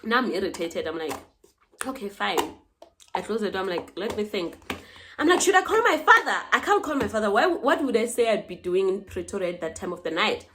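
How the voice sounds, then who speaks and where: A young woman with a South African accent tells a story to camera in a loose, chatty way. She slips into the other characters' voices and swings between hushed asides and bursts of animated disbelief, with a voice sitting at a middle pitch. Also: brisk. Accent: South African English. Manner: animated, dramatic retelling with quoted dialogue. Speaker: vlogger. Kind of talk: casual storytelling.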